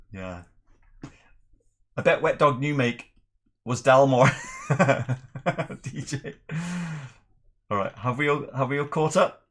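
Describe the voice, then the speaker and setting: A middle-aged man from Northern Ireland, with an accent mixed with English, hosting a relaxed whisky livestream and chatting through viewer questions. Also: medium pitch, takes it slowly, pauses often. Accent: mixed Northern Irish and English. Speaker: whisky channel host. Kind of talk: casual livestream chat.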